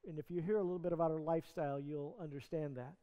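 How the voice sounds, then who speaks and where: A man with a high voice preaches to his congregation, retelling a scripture story in plain, earnest words. His voice rings out with a long reverb from a church hall. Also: steady tone, racing, warm tone. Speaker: pastor. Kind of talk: sermon. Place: church sanctuary.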